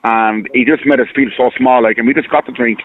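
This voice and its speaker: An Irish man speaks fast over a tinny phone line. He rambles, repeats himself and sounds earnest and hurt. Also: medium pitch, fairly even intonation, slight background noise. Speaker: caller. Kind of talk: phone-in radio call.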